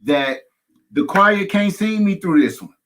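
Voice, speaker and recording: A pastor speaking candidly as a guest, emphatic, with folksy humorous asides and runs of repeated phrases. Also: male voice, high voice, expressive, measured pace, fairly bright tone. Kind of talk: candid conversational testimony.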